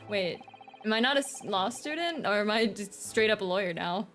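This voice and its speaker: A woman's voice: mid-range voice, expressive, normal speed, fairly bright tone, soft background music. Chatty American woman streamer. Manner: chatty, giggly, rambling. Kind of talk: casual game stream commentary.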